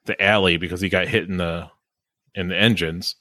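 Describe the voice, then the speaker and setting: A man hosting a podcast in casual chat, chatty and quick to laugh, often trailing off mid-sentence. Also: low voice, steady tone, pushed and bright, no room sound. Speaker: podcast host.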